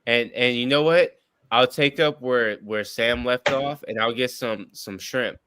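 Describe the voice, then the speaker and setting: A man's voice: mid-range voice, a little slow, sharp tone, clear, resonant tone, no room sound. A man in his thirties chatting casually on a stream, blunt and crude, often talking over others. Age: 30s. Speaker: streamer in group chat. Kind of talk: casual chat.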